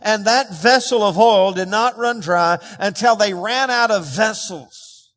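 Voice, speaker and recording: A man's voice: high-pitched, unhurried, a bit bright. A man preaching a sermon as pastor, emphatic and calling on the congregation to respond. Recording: long reverb of a large hall.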